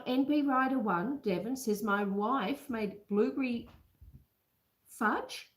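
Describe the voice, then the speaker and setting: A woman's voice: mid-range voice, darkish tone, roomy sound. A woman hosting a home baking livestream, chatting casually and reading out viewers' comments while she bakes, calling people love and sweetheart. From Australia. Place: home kitchen.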